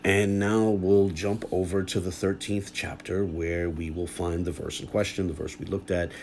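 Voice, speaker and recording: A man explaining old texts in a lecture-style video, measured and careful, often checking in with "right?" and "you know". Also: low voice, flat delivery, a little mellow, slight background noise.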